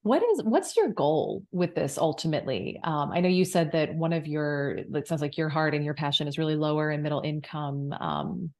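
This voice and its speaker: A woman hosting an interview, giving soft murmurs of agreement and asking thoughtful questions. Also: deep voice, moderate pace, few pauses. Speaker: podcast host.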